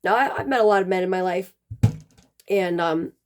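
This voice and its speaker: A woman's voice: lowish voice, moderate pace, slight background noise. A woman casually telling a personal story, rambling with plenty of "um" and "like" fillers.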